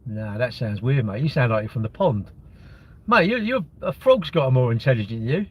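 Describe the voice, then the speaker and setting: A man's voice: mid-range voice, lively intonation, brisk, husky. A man chatting casually on a live stream, reading viewers' comments aloud and mocking trolls bluntly.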